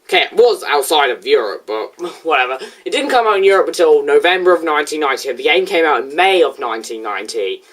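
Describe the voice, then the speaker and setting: A woman's voice: sits low, expressive, quick pace, few pauses. A woman hosting a reaction video, talking in a casual, chatty, defensive way. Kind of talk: casual spoken commentary.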